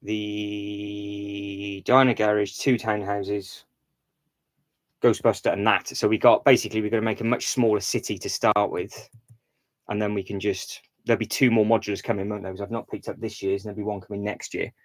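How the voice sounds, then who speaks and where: A low-voiced man talks casually to his livestream audience as he works, thinking aloud and rambling through restarts and fillers. He drifts away from the desk mic now and then. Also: level tone, moderate pace, low-quality recording. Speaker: livestream host. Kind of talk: casual live-stream chat while building.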